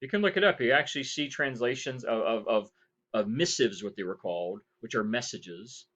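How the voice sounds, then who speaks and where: A man's voice: mid-range voice, animated, brisk, fairly bright tone, lo-fi sound. A man giving a history lecture as professor, rambling, correcting himself and asking rhetorical questions. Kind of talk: recorded lecture.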